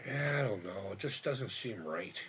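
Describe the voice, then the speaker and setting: A man with a lowish, slightly bright voice and lively intonation live-streams himself building a model kit, rambling and thinking aloud at a moderate pace, swearing often and laughing at himself. Slight background noise is present.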